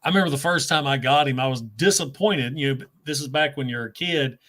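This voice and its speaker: A man's voice: mid-range voice, brisk, a bit bright. A man hosting a casual chat, telling stories in a laid-back way and chuckling as he goes. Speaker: host.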